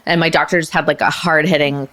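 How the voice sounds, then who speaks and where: A woman in her thirties, a podcast guest, telling a story in casual chat, animated and swearing, acting out the voices of others. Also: low voice, quick pace.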